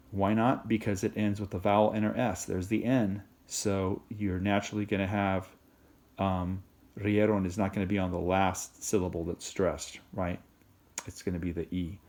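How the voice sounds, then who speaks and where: A man teaching Spanish in a recorded video lesson, explaining in a relaxed, rambling way and checking in with "okay?" and "right?". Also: on the low side.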